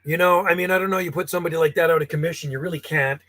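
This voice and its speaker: A man running an 11-meter radio station, calling out and chatting bluntly between calls, clearing his throat often. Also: on the high side, steady tone, racing, fairly bright tone. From Canada. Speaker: CB radio operator. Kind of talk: casual radio chat and calling.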